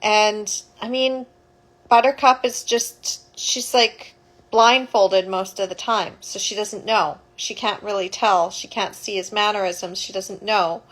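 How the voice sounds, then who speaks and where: A woman's voice: medium pitch, steady tone, takes it slowly, fairly bright tone, rough recording. A woman, a childbirth educator, retelling a story casually, rambling and correcting herself as she goes.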